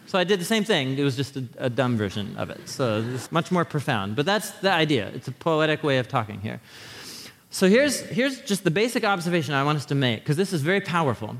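A man giving a conversational sermon with slides, talking straight to his listeners in an animated way and often restarting his sentences. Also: on the high side, a little fast, slight background noise. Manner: animated, talks to the audience directly, frequent restarts. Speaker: teacher preaching a sermon series. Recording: long hall reverb.

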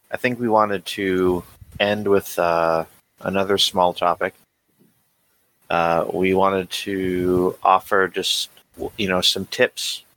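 A man's voice: low-pitched, fairly bright tone, no room sound. A man in a casual chat about a tabletop game, talking hesitantly with stumbles and fillers.

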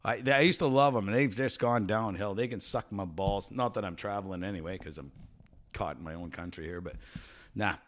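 A man's voice: fairly low pitch, fairly quick, fairly bright tone. A man co-hosting a casual podcast chat, telling stories and jokes in a loose, profane way and laughing at his own punchlines. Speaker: podcast co-host.

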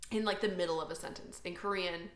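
A woman's voice: on the low side, steady tone, fast. An American woman in her late twenties, co-hosting a podcast in a chatty, self-deprecating way with lots of fillers. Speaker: podcast co-host. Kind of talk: casual chat. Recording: echoey room.

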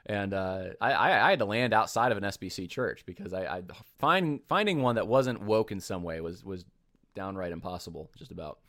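Halting low-voiced man commenting. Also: lively intonation, fairly bright tone. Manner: halting, many restarts and fillers. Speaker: commentator reacting to a sermon clip. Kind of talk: casual commentary.

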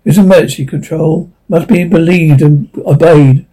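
A man's voice: on the high side, normal speed, warm tone, close to an everyday voice, low-quality recording. A man reading a cold, authoritarian colony controller who issues stiff orders. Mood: commanding. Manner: commanding, stiff.

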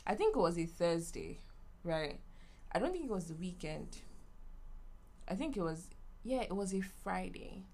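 Girl chatting on her podcast, bubbly, acts out quotes, really animated. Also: lowish voice, moderate pace, pauses often. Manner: bubbly, animated storytelling with laughs and acted-out quotes. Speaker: podcast host. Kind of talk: casual story time.

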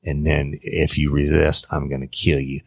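A man voicing a cold male abductor, speaking low and quiet with menace. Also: little pitch movement, normal speed, gravelly, breathy edge, dry recording, clean studio sound, heavily acted. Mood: menacing.

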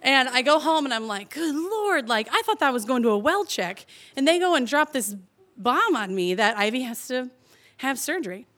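Young woman, a touch high-voiced, animated live storyteller who laughs through her tale. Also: normal speed. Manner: chatty and animated, heavy on "like", laughs through the telling.

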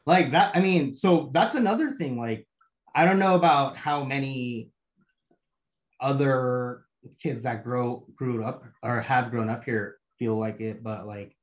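A young man from Bangladesh, raised in the US, speaks as a podcast guest. He sounds laid-back and slangy and fills his talk with casual asides. His voice sits at an ordinary middle pitch. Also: unhurried. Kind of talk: casual conversation.

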